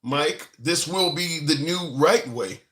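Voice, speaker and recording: A man's voice: on the high side, takes it slowly, fairly bright tone. A man hosting a live stream, talking in a blunt, profane, rambling way and reading out viewer comments. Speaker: livestream host.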